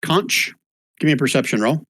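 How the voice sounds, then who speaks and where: A man runs an online tabletop game as game master, describing the scene and laughing often. His voice is bright and crisp, and it sounds dry and close, as if picked up through a voice-chat mic. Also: mid-range voice, fairly quick, no room sound.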